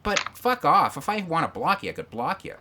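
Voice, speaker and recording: A man in casual podcast chat, swearing often and telling animated stories with quoted voices. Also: fairly high pitch, a little fast, a little hiss or hum. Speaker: podcast guest.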